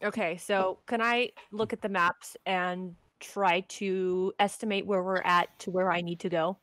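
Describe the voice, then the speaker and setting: A woman's voice: on the low side, steady tone, measured pace, a bit bright, dry recording. A woman playing a tabletop game in casual chat, hesitant and playful, with frequent ums. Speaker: player.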